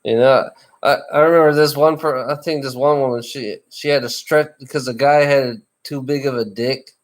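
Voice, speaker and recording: A man's voice: medium pitch, fairly even intonation, normal speed. A man chatting casually in a rambling, teasing way, often restarting and repeating his phrases. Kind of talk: casual chat.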